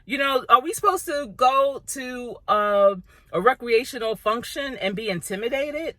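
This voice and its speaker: A woman's voice: a little high, lively intonation, unhurried, pushed and bright, dry recording. A middle-aged woman vlogging to camera in an earnest, ranting way, chewing gum as she talks. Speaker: vlogger, coach. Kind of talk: casual vlog talk to camera.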